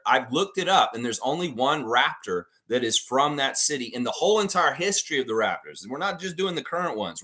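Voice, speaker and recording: A man's voice: medium pitch, sharp tone. A man hosting a live trivia stream, reading out questions and answering the chat as he goes.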